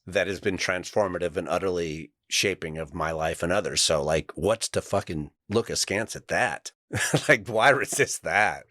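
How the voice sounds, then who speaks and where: Low-voiced man, dry close sound. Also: normal speed, bright, forceful tone, no room sound. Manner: reflective, frank, swears casually. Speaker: podcast regular. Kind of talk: casual chat.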